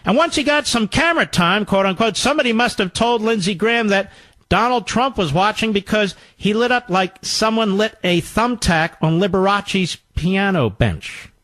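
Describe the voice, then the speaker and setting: A man's voice: high-pitched, lively intonation, normal speed, a bit bright, dry recording. A man hosting a talk show, delivering a combative political monologue with sarcastic, mocking asides.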